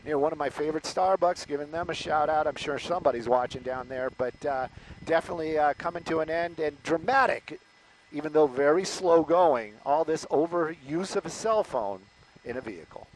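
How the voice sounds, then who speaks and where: High-voiced man giving chatty live commentary. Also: a little fast, slight background noise, low-quality recording. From Los Angeles area, US. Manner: chatty, exclaiming, lots of fillers. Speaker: news anchor.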